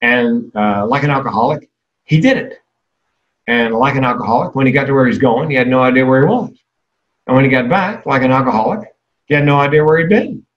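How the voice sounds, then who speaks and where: A man's voice: medium pitch, fairly quick, dull audio. A man in his sixties giving a comedic keynote talk, candid and darkly self-deprecating.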